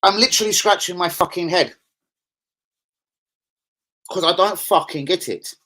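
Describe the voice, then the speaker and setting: A man's voice: high-pitched, normal speed, bright, forceful tone. A man ranting angrily on a live stream as a football fan streamer, swearing heavily and getting worked up. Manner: angry, profane, heated.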